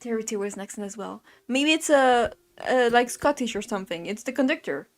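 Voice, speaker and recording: Giggly young woman, higher voice. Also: expressive, brisk. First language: French. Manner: giggly, swears freely, chatty and playful. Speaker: let's play streamer. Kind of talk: casual gameplay commentary, reading dialogue aloud. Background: faint game music.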